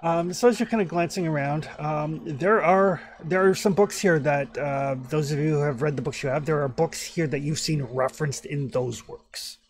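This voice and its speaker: Male game master, halting filler-laden narration of a horror campaign. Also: on the high side. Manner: hesitant, many fillers while describing. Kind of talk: running a tabletop horror game.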